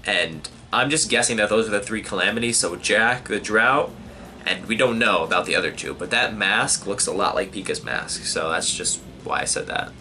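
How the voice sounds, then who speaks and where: Bright-voiced man reacting casually. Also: on the low side, moderate pace, slight background noise. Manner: thinks aloud while reading, swears, many fillers. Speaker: manga reaction channel host. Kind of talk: casual live reading and reaction.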